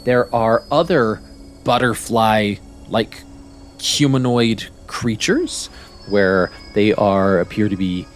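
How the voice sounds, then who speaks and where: A man narrating as game master of a tabletop game, describing scenes in detail and searching for words as he goes. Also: fairly low pitch.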